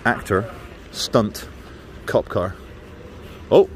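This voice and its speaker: Outdoors on a city street, a man films a handheld vlog on his phone camera, muttering wry asides and becoming loud and defiant when confronted. His voice is on the low side and very slow, with a little hiss or hum.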